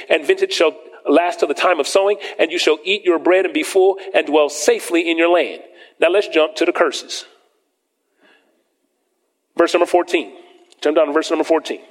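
Male preacher, emphatic scripture reading, fairly high voice, long hall echo. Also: a bit bright. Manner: reads scripture slowly and emphatically, questioning the congregation. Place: church sanctuary with congregation.

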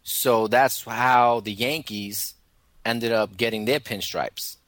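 A man co-hosting a casual radio show, talking sports in a relaxed way, laughing and drawing out his words. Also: medium pitch, takes it slowly, no echo.

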